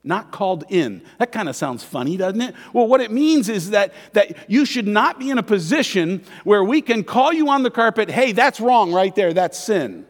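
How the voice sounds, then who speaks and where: Lively high-voiced man preaching. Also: normal speed, few pauses. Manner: conversational preaching with tag questions; acts out quoted voices in dialogue. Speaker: pastor. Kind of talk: sermon. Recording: long hall reverb.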